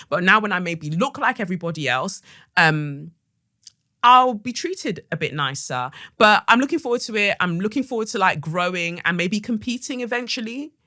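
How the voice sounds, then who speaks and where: A woman hosting a podcast and telling a story in a casual, animated, sarcastic way. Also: fairly low pitch, dry recording, clean studio sound. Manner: animated and sarcastic, with acted-out quotes. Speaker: podcast host.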